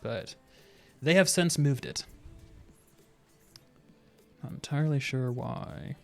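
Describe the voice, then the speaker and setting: A man's voice: on the high side, slow pace, a little mellow, soft background music. Laid-back man streaming a game. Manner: laid-back, laughing, rambling asides. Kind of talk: casual gameplay commentary.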